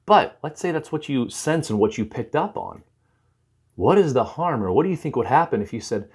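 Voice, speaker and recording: A man's voice: mid-range voice, moderate pace, slightly rough. A man talking to camera with advice, retelling a conversation and acting out the lines. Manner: animated storyteller, acts out dialogue. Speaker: recovery counselor.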